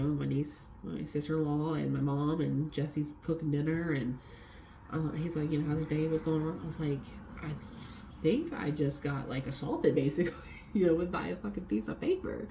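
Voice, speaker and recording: A woman's voice: low-pitched, a little hiss or hum. A young adult woman vlogging a casual storytime, swearing freely and acting out what others said. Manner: swearing, animated retelling with quoted voices.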